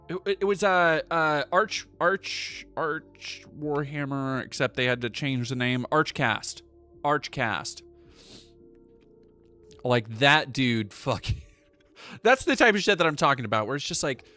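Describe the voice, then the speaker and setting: Male streamer, bright voice, profane rambling chat, faint music under it. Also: mid-range voice, animated, unhurried. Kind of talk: casual livestream chat.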